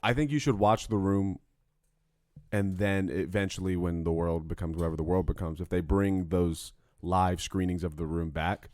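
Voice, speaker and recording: Lower-voiced, animated young man host. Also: moderate pace, dry recording. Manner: profane, animated storyteller. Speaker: podcast co-host. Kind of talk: casual chat.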